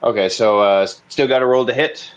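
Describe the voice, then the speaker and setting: An eager player on a dull line. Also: male voice, medium pitch, fairly quick. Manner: eager, stammering restarts. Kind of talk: casual tabletop game chat.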